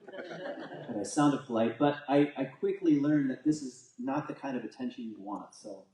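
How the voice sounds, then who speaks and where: Male teacher at a spiritual community, casual rambling storyteller with a mellow tone, recorded from a distance in a reverberant hall. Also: medium pitch, normal speed. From United States. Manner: casual, rambling storytelling with fillers and self-corrections. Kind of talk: storytelling talk to a congregation. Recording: echoey hall, voice from far off.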